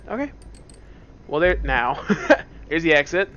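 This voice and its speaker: A man's voice: a little high, big pitch swings, unhurried, long pauses, sharp tone, a little hiss or hum. A man casually joking and rambling through commentary on a game, seated at a computer at home. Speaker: let's play gamer.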